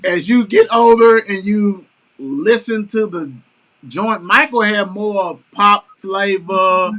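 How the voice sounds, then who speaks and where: A man with a bright, high-set voice hosting a casual talk show. He talks in a blunt, slangy, emphatic way and swears often. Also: slow. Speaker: host. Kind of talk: casual sports-talk chat.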